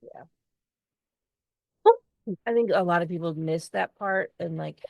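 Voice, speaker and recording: A woman's voice: on the low side, measured pace, vocal fry, long pauses, dry recording. A woman co-hosting a podcast, talking candidly and expressively in casual chat, swearing freely. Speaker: podcast co-host.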